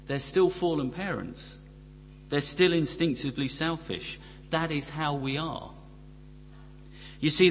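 A man's voice: a little high, fairly bright tone. Middle-aged male preacher, sermon delivery, rhetorical questions, reverberant church hall with faint hum.

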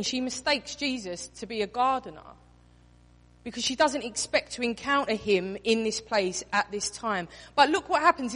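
Woman preaching in an echoing hall. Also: a little high. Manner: expressive, acts out quotes in voices. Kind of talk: sermon. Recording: reverberant hall.

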